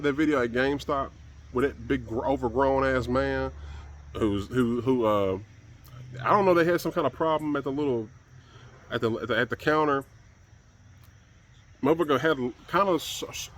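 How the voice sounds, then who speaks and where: A man's voice: mid-range voice, a bit bright. A man giving a blunt, profane and exasperated solo commentary on camera.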